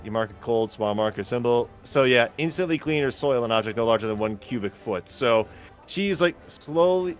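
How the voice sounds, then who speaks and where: A man running a tabletop game as game master, narrating casually and thinking aloud. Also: mid-range voice.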